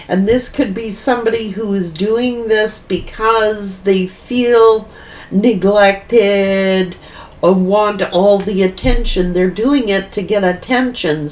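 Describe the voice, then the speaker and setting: A woman's voice: medium pitch, distant mic. A woman giving a tarot reading, rambling and repeating herself as she thinks aloud. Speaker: tarot reader.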